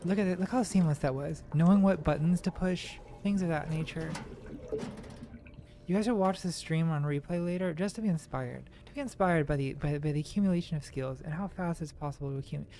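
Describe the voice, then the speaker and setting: A woman's voice: deep voice, fairly quick, warm tone, a little hiss or hum. A woman streamer giving casual gaming commentary, rambling with ironic, self-mocking jokes.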